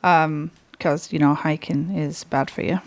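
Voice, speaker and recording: A woman's voice: deep voice, steady tone, a little mellow. Laughing woman telling stories. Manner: laughing, swearing, quick storytelling. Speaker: podcast co-host. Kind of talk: casual chat.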